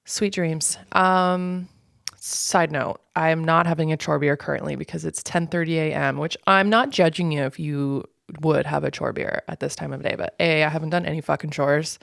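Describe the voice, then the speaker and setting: A young Canadian woman with a fairly low voice talks straight into a dry, close mic, heard with no room sound. She hosts her own show as a solo, rambling monologue. Her talk is loose, unfiltered and full of swearing and fillers. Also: fairly even intonation, normal speed, gravelly, no room sound. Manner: unfiltered, profane and ranting; casual, rambling with many fillers. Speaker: podcast host.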